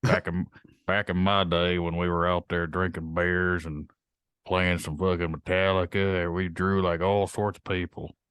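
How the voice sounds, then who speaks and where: A man's voice: low-pitched, flat delivery, moderate pace, fairly bright tone, clean tone, no room sound. A man hosting a podcast, ranting bluntly with lots of swearing in casual chat. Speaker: podcast host.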